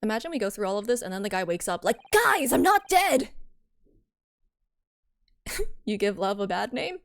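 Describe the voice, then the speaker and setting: A woman's voice: medium pitch, very fast. A woman streamer chatting casually in giggly, chatty asides while she voices a game. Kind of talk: casual stream chat between read lines.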